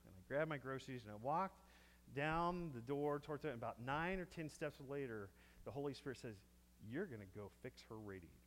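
A man's voice: medium pitch, fairly quick, a little hiss or hum. Preacher guy telling a story in his sermon, acts out all the voices, long hall echo. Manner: animated storyteller acting out dialogue. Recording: echoey hall with long reverb.

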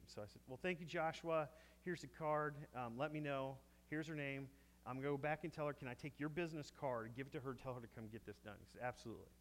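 A man with a mid-range voice preaches a sermon, telling a story as an animated storyteller who acts out each person's lines. There's slight background noise, and the recording was made in an echoey hall with long reverb.

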